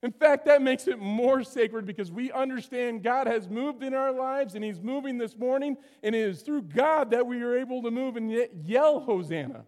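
A male pastor delivers a lively sermon in a high, ringing voice. He swings from loud exclamations down to hushed asides. The sound carries a long hall reverb. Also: normal speed, hardly any pauses. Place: church sanctuary.

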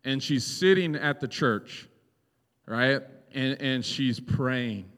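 A man's voice: medium pitch, takes it slowly, a bit bright, clear, resonant tone, in a large hall. A male pastor preaching a conversational sermon, often checking in with "right?".

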